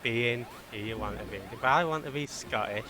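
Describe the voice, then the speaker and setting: A man from Manchester, England, with a Mancunian accent, streams a game live while game music plays behind him. His mid-range voice moves at a moderate pace as he rambles and cracks self-mocking jokes with his chat in casual conversation.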